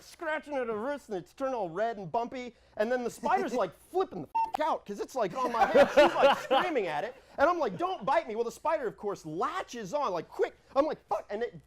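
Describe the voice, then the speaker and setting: A man telling a rambling comic story from his own life, acting out what he and others said in lively voices. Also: extremely high pitch. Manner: rambling, animated, quotes himself in lively voices. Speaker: improv storyteller.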